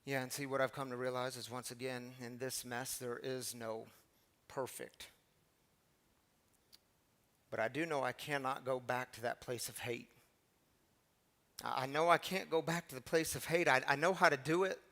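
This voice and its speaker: A middle-aged man, a pastor, giving an earnest, confessional sermon that swings from hushed to emphatic, often repeating words. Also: medium pitch, fairly even intonation, normal speed, pauses often. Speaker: pastor of a recovery community. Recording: long hall reverb, faint music behind.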